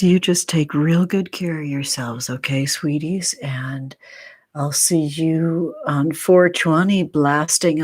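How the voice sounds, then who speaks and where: A woman hosting a casual live stream, chatting playfully with viewers and slipping into soft whispers and remembered cheers. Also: low-pitched, no room sound, studio quality. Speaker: tarot content creator, live stream host.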